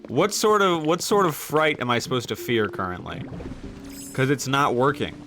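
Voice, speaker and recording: A game streamer at his home desk talks in a medium-pitched voice with big pitch swings, at a moderate pace, with music playing behind him. His live-stream chat is casual and rambling, full of jokes and frequent heavy swearing.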